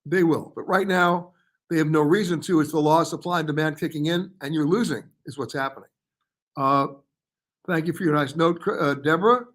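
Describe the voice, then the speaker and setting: A chatty male travel host answers viewers live, reading their comments aloud and passing quick verdicts on their guesses. His voice sits a little higher than most men's, and he keeps it loose and conversational. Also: a bit bright. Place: hotel or studio in Paris.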